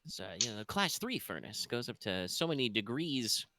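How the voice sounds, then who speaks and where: A man's voice: medium pitch, very animated, normal speed, sharp tone, no room sound. A man running a tabletop game as game master, chatty and jokey.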